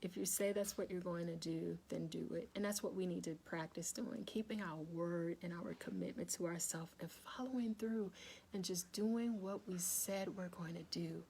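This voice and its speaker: A woman's voice: fairly low pitch, steady tone, moderate pace, gravelly, a little mellow, slight background noise. A woman hosting a casual wellness live chat, talking straight to her viewers, calling them y'all, checking that they are still with her and repeating her points to encourage them.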